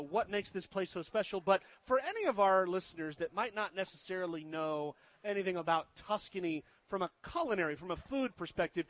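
A man's voice: high-pitched, a bit bright. A man hosting a live radio food show from a restaurant, talking in an upbeat, effusive broadcaster's manner.

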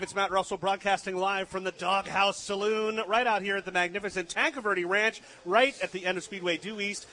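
A man's voice: high-pitched, sharp tone. A man hosting a live radio food show from a ranch, gushing enthusiastically about the dishes. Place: live remote broadcast from a ranch saloon.

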